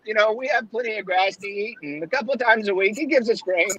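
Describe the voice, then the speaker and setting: A man putting on an earnest talking goat, polite and matter-of-fact, pitched well above his own husky voice, raised and a bit breathy. The goat answers each question plainly, like a well-kept farm animal. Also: fast, fairly bright tone, lo-fi sound. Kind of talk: joke telling.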